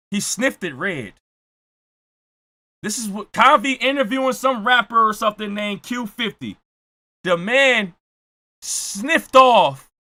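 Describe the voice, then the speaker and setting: Man ranting in a bright, lively voice. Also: sits high. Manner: loud, ranting, often shouting punchlines; repeats jokes for effect. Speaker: reaction streamer. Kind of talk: comedic reaction commentary.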